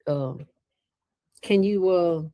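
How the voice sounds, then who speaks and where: A woman's voice: fairly low pitch, very slow, mellow, no echo, voice pushed up. A woman acting out a pushy man who is demanding money from her.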